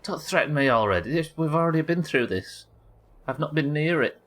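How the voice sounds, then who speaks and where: A man's voice: a little high, animated, brisk, fairly bright tone. Rambling British-based streamer man. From United Kingdom. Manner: casual, rambling, swears, reacts aloud. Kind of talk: live gameplay commentary.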